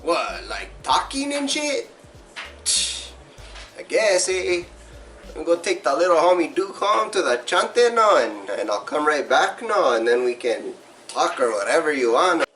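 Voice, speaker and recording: A man's voice: on the high side, big pitch swings, a bit bright, far from the mic, soft background music, voice pushed up. Man doing a cocky homie. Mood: swaggering. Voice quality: slangy, drawn-out, cocky. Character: swaggering young male cholo-style homie.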